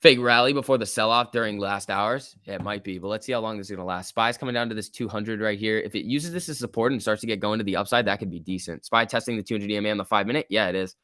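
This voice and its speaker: A man hosting a casual livestream, giving excitable running commentary and answering chat. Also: fairly low pitch, fast talker, few pauses, no echo, clean studio sound. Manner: excitable, reacts aloud and reads chat. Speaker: livestream host. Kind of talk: casual live market commentary.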